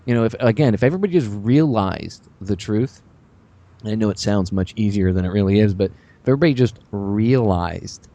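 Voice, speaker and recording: A man hosting a radio talk show, rambling with sarcastic, animated asides. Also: on the low side, brisk, lo-fi sound.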